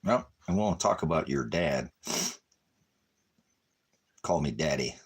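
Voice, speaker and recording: A man ranting at his viewers on a livestream, cursing and taunting them, swinging between shouting and low muttering. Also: animated, takes it slowly, husky. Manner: angry, cursing, taunting, repeating insults. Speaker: ministry livestreamer. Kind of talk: profane livestream rant at viewers.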